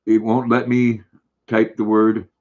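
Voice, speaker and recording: Older male stream host, low-pitched, laid-back, reads chat aloud; dull lo-fi audio. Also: slow pace. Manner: relaxed, friendly, chatty. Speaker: livestream host. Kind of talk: casual livestream chat, reading comments aloud.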